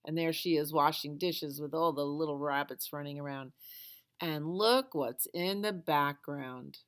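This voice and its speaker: A woman reading a picture book aloud to children at a library storytime, in a gentle, expressive voice. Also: deep voice, measured pace, clear, resonant tone.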